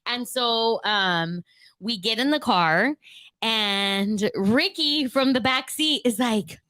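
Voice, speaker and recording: A woman's voice: fairly high pitch, slow pace, pushed and bright, no room sound, studio quality. A woman co-hosting a podcast, telling profane stories with lots of laughter in casual chat. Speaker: podcast co-host.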